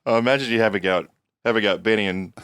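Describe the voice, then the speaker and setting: A man's voice: lowish voice, racing, a bit bright, clear, resonant tone, dry recording. A man co-hosting a casual chat, laughing along and prompting with questions. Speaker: co-host.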